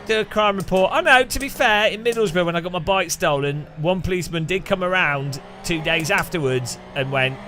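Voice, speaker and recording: A man's voice: a little high, lively intonation, fairly quick, few pauses, pushed and bright, a little hiss or hum. Sarcastic man streaming a racing game. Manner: chatty, sarcastic, laughs often. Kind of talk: casual gaming commentary. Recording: game music behind.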